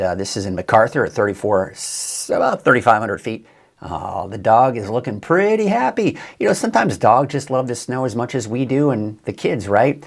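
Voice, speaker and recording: A man's voice: on the low side, creaky, breathy edge. A man giving a casual, chatty live weather forecast as a TV meteorologist, upbeat and a bit tired, with many fillers and restarts.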